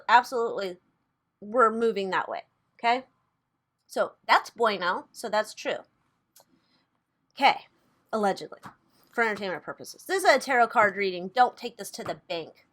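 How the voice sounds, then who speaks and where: A woman's voice: mid-range voice, lively intonation, moderate pace, pauses often, fairly bright tone. A woman hosting a casual tarot reading vlog, chatty and loose, who swears freely and laughs at herself. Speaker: tarot reader and channel host.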